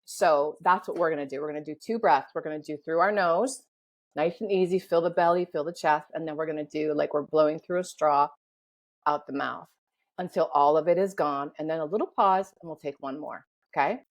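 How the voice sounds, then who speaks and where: A woman guest on a podcast, calmly guiding a breathing exercise and explaining breathwork. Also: deep voice, rough recording. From United States. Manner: calm, slow instructive guidance.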